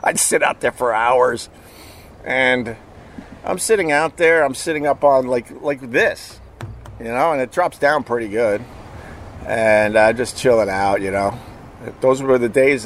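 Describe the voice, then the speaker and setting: A man's voice: mid-range voice, a little slow, slight background noise. A middle-aged man hosting a show, telling a rambling story in a casual, profane way and chuckling as he goes. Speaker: podcast host.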